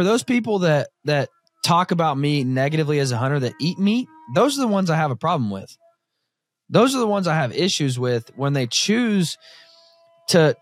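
A man hosting a podcast in casual conversation, with a mid-pitched voice. He is blunt and opinionated, and the sound is dry and close. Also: no echo. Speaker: podcast host.

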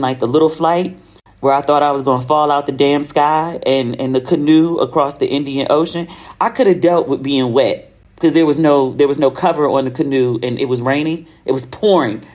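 A rumbling low, slightly mellow voice belongs to an American woman hosting her own podcast. In a casual solo monologue, she shares travel stories with chatty slang and acts out the dialogue.

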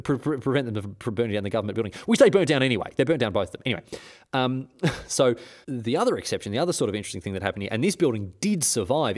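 A man hosting a history podcast, telling the story in a jokey, sarcastic way with many restarts. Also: mid-range voice.

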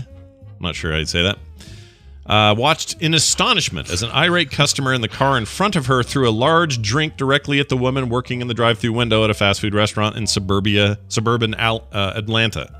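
A man co-hosting a casual comedy podcast, reading a news story and riffing on it in an animated, joking way. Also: mid-range voice, normal speed, faint music behind. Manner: animated, jokey, getting worked up. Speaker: podcast co-host.

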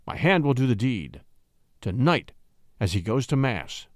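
A man's voice: mid-range voice, big pitch swings, measured pace, dry recording, studio quality. A man voicing a bold, impatient army captain who speaks with controlled violence. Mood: fierce.

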